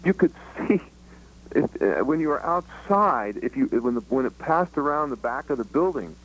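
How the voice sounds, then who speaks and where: A man's voice: mid-range voice, animated, low-quality recording. Eager man jumping in with vivid retelling. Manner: quick, eager, jumps in with vivid scene-setting. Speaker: book co-author guest. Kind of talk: radio interview commentary.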